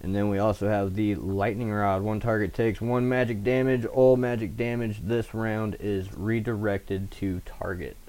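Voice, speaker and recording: A man's voice: lowish voice, little pitch movement, normal speed, hardly any pauses, darkish tone. A man playing a tabletop game, reading item cards aloud in a hesitant way. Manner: hesitant, with fillers. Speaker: player.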